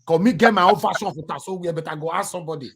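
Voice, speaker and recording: A man's voice: fairly high pitch, racing, breathy edge. A man with a Nigerian Pidgin English accent hosting a live online talk show, switching between Pidgin and English and teasing his callers. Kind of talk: live stream chat with callers.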